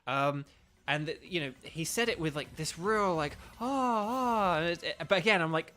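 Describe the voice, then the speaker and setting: A man's voice: on the high side, moderate pace, sharp tone, slight background noise. A young man chatting casually with his stream viewers while playing a game, rambling with lots of fillers. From United Kingdom. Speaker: gaming streamer.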